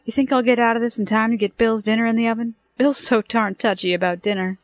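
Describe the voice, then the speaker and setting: A woman's voice: fairly high pitch, steady tone, fast, dry recording, pitched above the performer's own voice, lightly acted. A woman voicing a dignified, wry young housewife with a prim manner.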